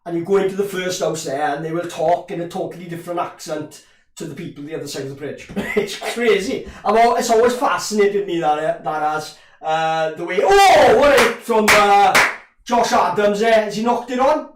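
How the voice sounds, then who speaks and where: A man's voice: fairly high pitch, fairly quick, recorded from a distance. Chatty Welsh man with a Llanelli accent. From Wales. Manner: chatty, rambling, laughs often, reads chat aloud. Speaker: live stream host. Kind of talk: casual live rugby watch-along chat. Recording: roomy echo, voice a bit off-mic.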